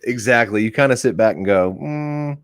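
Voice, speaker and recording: A man hosts a podcast interview in a laid-back, joking way. His fairly low voice swings widely in pitch, and the sound is dry and close. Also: expressive, moderate pace, dry recording. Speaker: podcast host.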